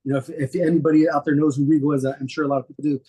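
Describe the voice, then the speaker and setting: Husky-voiced man telling stories. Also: fairly high pitch, rapid-fire. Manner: relaxed, rambling, many fillers. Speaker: guest. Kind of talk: casual storytelling interview.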